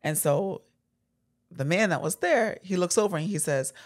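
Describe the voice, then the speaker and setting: Animated woman telling a story. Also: on the low side, moderate pace. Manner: animated storyteller, chatty with many fillers. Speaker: podcast co-host. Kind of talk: casual podcast chat.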